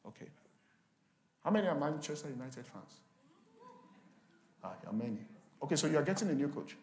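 A man preaching at a conference in a fairly high voice. He keeps it animated, acting out short exchanges and asking the congregation questions as he teaches. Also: brisk, a little hiss or hum. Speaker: pastor. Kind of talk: sermon. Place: conference hall.

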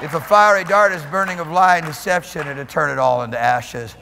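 High-voiced preaching pastor in reverberant hall. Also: male voice, normal speed, gravelly, crowd noise, background noise. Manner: animated preaching, swinging from soft murmurs to loud shouts; laughs often while preaching. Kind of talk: sermon. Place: church sanctuary.

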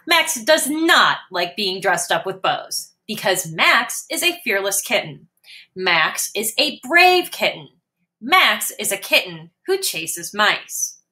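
A woman slowly and expressively reading a picture book aloud for young children. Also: medium pitch. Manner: slow, clear and expressive. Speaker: storyteller.

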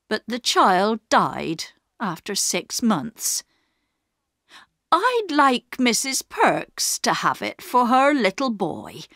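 A woman voicing a kindly older village shopkeeper woman who speaks gently and slowly, in a storybook reading. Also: on the high side, no echo, studio quality, full character voice.

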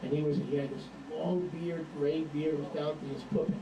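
A male preacher delivers an animated, emphatic sermon, his voice slightly raised yet mellow in tone. He is heard from a distance in a roomy hall, and the recording is dull with a faint hiss. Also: a little high, normal speed.

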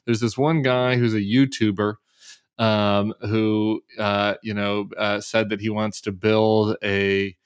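A man with a low voice talks politics as a podcast guest, animated and sardonic, words tumbling over each other. His voice is close and dry. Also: slow pace, clear, resonant tone, no echo.

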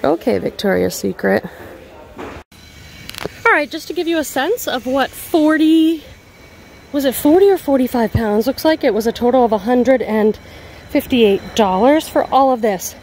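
A woman's voice: sits high, animated, measured pace, vocal fry, pauses often, darkish tone, a little hiss or hum. A woman in her thirties chatting casually to camera about her thrift finds, upbeat and full of "like". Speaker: reseller vlogger. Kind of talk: casual haul chat to camera. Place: thrift store and car, indoors and out.

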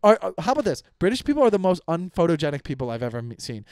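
Racing along in a slightly high, sing-song, somewhat mellow voice, a young comedy podcast host rants with plenty of profanity. He rambles, stumbling and restarting often, and the recording is dry and clean.

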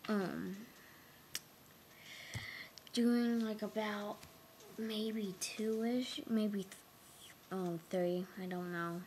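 Slow, rambling young gamer girl. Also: medium pitch, steady tone, darkish tone. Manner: silly, rambling, mumbled asides. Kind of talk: casual gameplay chat. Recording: noisy home recording.

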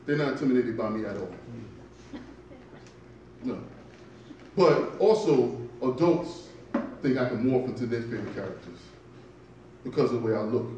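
A man doing a stand-up comedy set in a club, telling stories with deliberate delivery and punchy asides. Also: medium pitch, animated, mellow, slight background noise. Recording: echoey club from far off.

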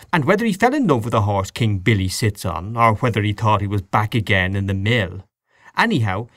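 A man's voice: fairly low pitch, a bit bright, no room sound, clean studio sound. A man reading a story aloud, voicing a genial man telling a comic tale in a wry, mock-grand way.

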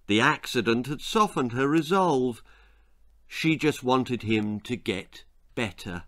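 A man reading his own children's story aloud in a theatrical, animated way. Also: medium pitch, no echo, clean studio sound.

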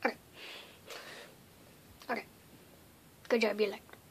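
A woman vlogging casually to camera, hyper and playful, swinging between loud pleas and whispers. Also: mid-range voice, level tone, slow, slight background noise.

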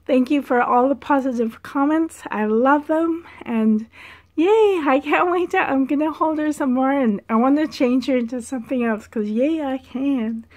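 A woman vlogger chatting casually as she shows off a doll's clothes, gushing and soft-spoken. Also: high-pitched, no echo. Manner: gushing, slow, breathy asides. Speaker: reborn doll collector vlogger. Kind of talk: casual show-and-tell vlog.

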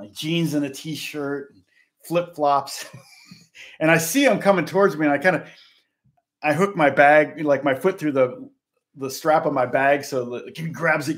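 Guitar teacher guy rambling through a story, fixes himself as he goes, voice a bit high. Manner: rambling, stops to correct himself. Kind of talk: casual storytelling.

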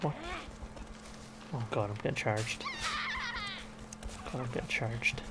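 An Irish gaming vlogger in his 20s rambles and exclaims to himself while commenting on a video game. His mid-range voice takes things slowly over loud music, in casual gameplay commentary.

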